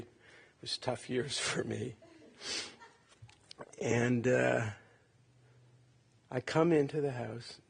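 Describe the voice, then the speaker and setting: A man in his late sixties from Ohio, a son giving a halting, tender eulogy at a funeral. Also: mid-range voice, creaky, husky. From Cleveland, Ohio. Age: 60s. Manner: halting, reflective, tender storytelling.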